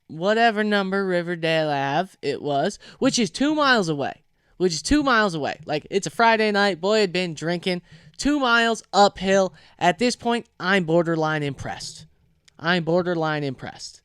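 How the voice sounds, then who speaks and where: A young man hosting a podcast alone, telling a college story in a casual, animated way, swearing and acting out the people he quotes. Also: high voice, measured pace, clear, resonant tone, no echo, studio quality. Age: young adult. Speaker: podcast host. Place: home.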